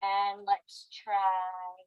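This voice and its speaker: A woman teacher in a classroom, slowly and patiently guiding children through words. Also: medium pitch, completely flat delivery, smooth. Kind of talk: small-group classroom instruction. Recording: muffled classroom video.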